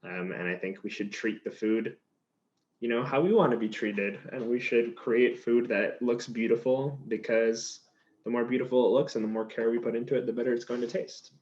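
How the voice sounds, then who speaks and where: This is a male chef's cooking demo: he chops vegetables in a kitchen and casually talks through each step. His mid-range voice has a darkish tone and a normal speed, captured on a slightly dull recording with faint noise.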